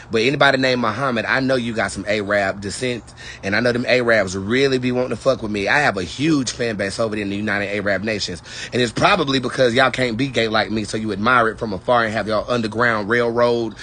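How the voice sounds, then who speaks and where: A tarot-reading man talks casually to his viewers, sassy and profane as he rambles from one thought to the next. His voice is bright and forceful, sitting at a middle pitch. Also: a little hiss or hum. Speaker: tarot reader. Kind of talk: casual livestream chat with viewers.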